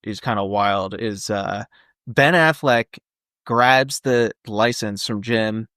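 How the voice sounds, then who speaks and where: A man's voice: fairly low pitch, slow, fairly bright tone, no echo. Rambling man on a dry podcast mic. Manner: rambling, lots of fillers and jokey asides. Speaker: podcast co-host. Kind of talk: casual movie-discussion chat.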